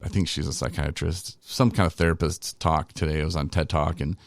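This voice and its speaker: A middle-aged man with a very deep voice talks through his past in a loose, candid podcast ramble. He is self-deprecating and wanders off track. The sound is dry and close, with no room around it. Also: fairly even intonation, fairly quick, gravelly, dry recording. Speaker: recovery podcast host. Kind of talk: casual personal storytelling.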